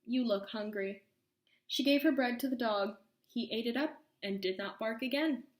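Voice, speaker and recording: A woman reading a children's story aloud, expressive and slowing for suspense. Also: a little high, roomy sound. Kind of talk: read-aloud story narration.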